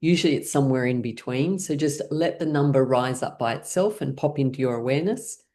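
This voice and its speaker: A middle-aged woman leading a laughter yoga class, calmly and playfully guiding the group. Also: very deep voice, brisk. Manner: calm, gently guiding, playful. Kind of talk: guided class instruction.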